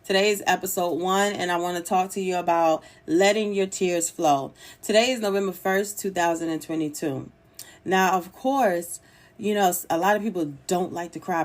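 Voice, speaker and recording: A woman hosting her own solo podcast, talking in a chatty, encouraging way and laughing easily. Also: lowish voice. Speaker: podcast host.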